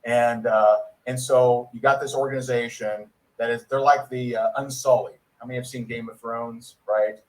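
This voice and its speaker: A man giving a sales training talk, rambling and clearing his throat often. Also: medium pitch, steady tone, moderate pace, few pauses, poor audio.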